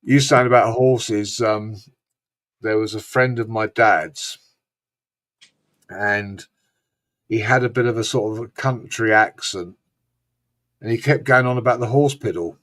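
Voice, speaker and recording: A man's voice: on the low side, unhurried, pauses often, a bit bright. A man hosting a casual live-stream chat, rambling, swearing freely and mimicking regional accents. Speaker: host.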